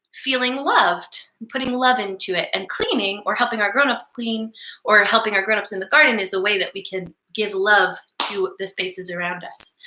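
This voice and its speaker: A woman with a high, very bright voice leads small children through circle time over a webcam. She speaks softly and playfully, slowing down for affirmations she wants them to repeat. The room sounds echoey. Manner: soft, encouraging and playful, with slow spoken affirmations. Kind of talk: gentle lesson for young children.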